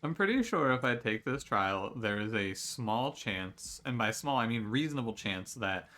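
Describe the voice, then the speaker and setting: A man's voice: mid-range voice, lively intonation, moderate pace, bright, forceful tone. A man giving casual, chatty commentary while playing a video game, talking himself through choices with jokey, exasperated outbursts. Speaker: gaming streamer. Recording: game music behind the voice.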